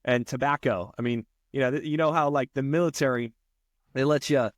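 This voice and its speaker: Male podcast guest, easygoing and rambling, mid pitch, close dry mic. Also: steady tone, fairly quick, dry recording. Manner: laid-back, loose, peppered with "you know" and "man". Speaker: guest, Navy veteran. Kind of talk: casual conversation.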